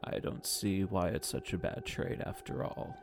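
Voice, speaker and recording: A man voicing a weary older former swindler, speaking in a slow, resigned way. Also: low voice, huge pitch swings, vocal fry, background noise, full character voice.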